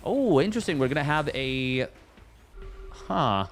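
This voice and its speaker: A man casting a strategy game tournament on his own, jokey and excitable, riffing between plays. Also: on the high side, measured pace, faint music behind. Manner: jokey, excitable, riffs and sing-songs. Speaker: esports caster. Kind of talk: solo game commentary.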